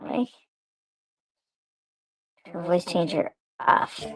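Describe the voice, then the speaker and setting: Male streamer through a helium filter, slow and absent-minded. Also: high voice, a bit bright, dry recording. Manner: fiddling with settings, talking to himself. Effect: helium voice changer. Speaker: livestream host. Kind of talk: casual stream chat.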